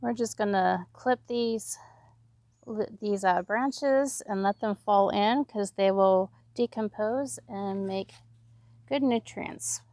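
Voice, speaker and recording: A woman's medium-pitched, darkish voice takes things slowly, recorded without echo. In her fifties and from Oregon, she has a West Coast accent and hosts a casual gardening vlog, planting outdoors while chatting to herself and viewers and laughing frequently.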